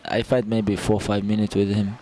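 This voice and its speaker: Male guest, low pitch, terse, faint background noise. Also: level tone, moderate pace, dark tone. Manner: broken English, terse. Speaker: interview guest. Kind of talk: casual storytelling.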